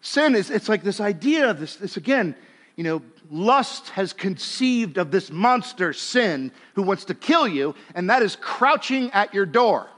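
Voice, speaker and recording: A male pastor preaching a sermon in a conversational way, dropping to a hush and then rising to emphatic lines, and acting out biblical characters in casual speech. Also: high voice, big pitch swings, measured pace. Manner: conversational, swings between hushed and emphatic.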